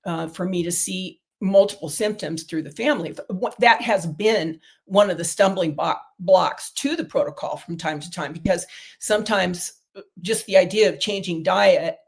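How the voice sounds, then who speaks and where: A woman's voice: fairly low pitch, normal speed, a little mellow. Rambling middle-aged woman telling stories. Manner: rambling, storytelling with many fillers. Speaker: guest, diet protocol developer. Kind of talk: casual interview talk.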